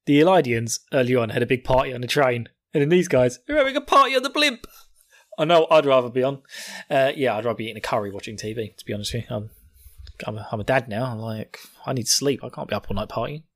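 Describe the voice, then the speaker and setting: A man's voice: mid-range voice, fast. A young man hosting a podcast, rambling through a casual episode recap with frequent laughs. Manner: rambling, jokey, laughs often. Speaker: podcast host.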